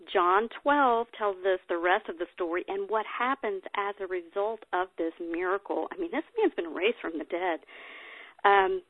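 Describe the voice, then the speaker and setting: A woman's voice: mid-range voice, no echo. A woman speaker at a women's workshop, teaching the Bible in a chatty way, reading passages aloud and adding personal asides. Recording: tinny, dry phone-like sound.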